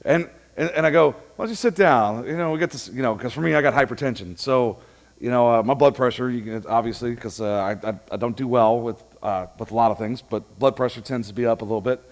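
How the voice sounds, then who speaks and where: A man's voice: mid-range voice, fast talker. A man preaching a casual, conversational sermon in a church, telling funny stories and acting out both sides of the dialogue. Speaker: pastor.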